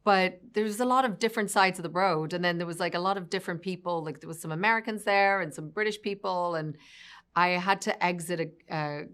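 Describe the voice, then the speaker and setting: A woman's voice: on the low side, fairly quick, fairly bright tone, clean tone. A woman being interviewed as an actress, speaking casually and hesitantly with self-deprecating humor. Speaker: actress guest.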